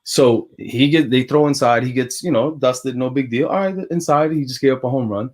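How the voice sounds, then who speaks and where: A man with a New York accent, a former pitcher telling a story as a guest in a casual chat, animated and laughing as he talks. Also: brisk. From Brooklyn, New York.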